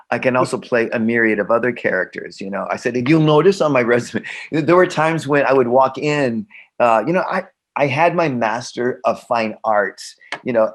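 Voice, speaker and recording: Casting note: middle-aged American man, animated storyteller, mid-pitched, acts out quotes. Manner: animated, repeats himself, acts out quoted dialogue. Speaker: actor, guest. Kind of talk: conversational storytelling.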